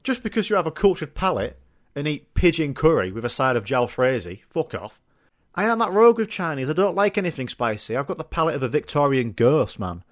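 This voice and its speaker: A man's voice: a little high, sing-song, brisk. A man hosting his own podcast, rambling daft, sweary, self-mocking jokes. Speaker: podcast host. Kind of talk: casual solo comedy rambling.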